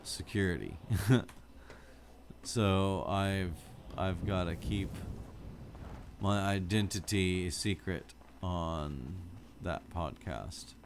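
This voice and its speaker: Deep-voiced, sleepy man streaming a game. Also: drawn-out words, slight background noise. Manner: relaxed, rambling, sleepy with frequent yawns. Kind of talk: casual chat with viewers while playing. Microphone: studio microphone with wired headphones.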